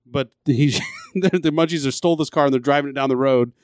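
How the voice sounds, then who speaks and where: A man's voice: medium pitch, a little fast, dry recording, studio quality. Man chiming in with film details. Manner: adds details, hesitant, searching for words. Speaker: podcast co-host. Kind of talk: casual movie review chat.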